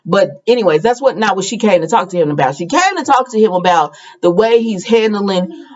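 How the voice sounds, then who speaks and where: A woman's voice: medium pitch, lively intonation, a little fast, a little mellow, dull audio. A woman casually recapping a soap opera episode in a chatty, gossipy way, full of fillers.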